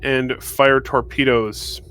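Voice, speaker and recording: A man's voice: mid-range voice, level tone, a bit bright, slight background noise. A man playing a tabletop game, hesitant, stopping and restarting as he declares his moves. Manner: hesitant, full of pauses and restarts. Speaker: player.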